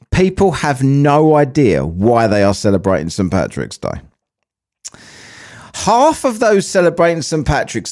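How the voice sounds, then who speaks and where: Podcast host, lively pitch, sweary banter, casual chat. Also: male voice. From England. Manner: sweary, banter-filled, laughs at his own jokes. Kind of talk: casual chat, reading a news article aloud.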